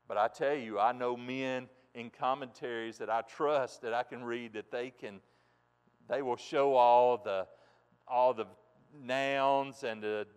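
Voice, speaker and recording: A man preaching a sermon in a folksy way, dropping soft and then rising loud and emphatic, from a church pulpit. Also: mid-range voice, clean tone. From United States. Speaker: pastor. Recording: long reverb in a large hall.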